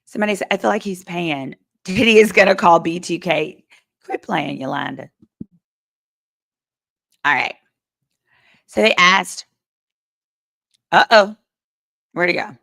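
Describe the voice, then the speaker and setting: A woman's voice: lowish voice, unhurried, vocal fry, long pauses, a bit bright. A woman lawyer hosting a live stream, reading chat comments and giving sassy, chatty legal commentary.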